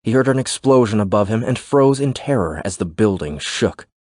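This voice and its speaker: A man narrating an audiobook in a steady, measured way. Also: lowish voice, no echo, studio quality.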